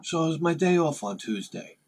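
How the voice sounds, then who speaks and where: Fairly high-pitched and a touch fast, this retro game channel host talks over slight background noise. He rambles casually through a tale on his vlog, jumping into sharp, lively bursts as he plays both sides of each exchange.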